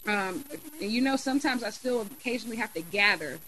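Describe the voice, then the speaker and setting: A young adult woman chatting casually on a podcast, telling a lively story with many fillers. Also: a little high, brisk, slight background noise, poor audio. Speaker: student government officer and podcast guest.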